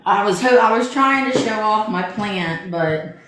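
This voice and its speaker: A man's voice: high voice, animated, unhurried, a bit bright. A man co-hosting a casual chat show, rambling and repeating himself as if worn out. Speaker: podcast co-host. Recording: very echoey room with faint noise.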